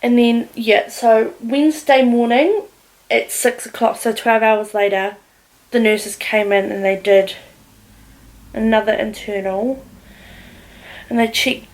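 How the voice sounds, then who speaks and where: A woman's voice: a little high, takes it slowly, long pauses, poor audio. Frank, chatty woman vlogger. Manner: candid, heavy swearing, animated retelling. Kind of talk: casual storytelling.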